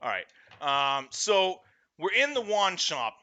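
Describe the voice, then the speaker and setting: Man, comic storyteller, lively pitch swings, crude and loud, bursts into squeaky impressions. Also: slow, slight background noise. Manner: profane, animated, breaks into shrill shouted impressions. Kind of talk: comedic storytelling.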